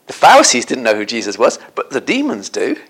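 A man telling a Bible story as a sermon in an animated way, often turning to his listeners with tag questions. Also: medium pitch, brisk, breathy edge.

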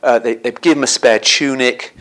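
A man telling a Bible story as a sermon in an animated way, often turning to his listeners with tag questions. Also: mid-range voice, moderate pace.

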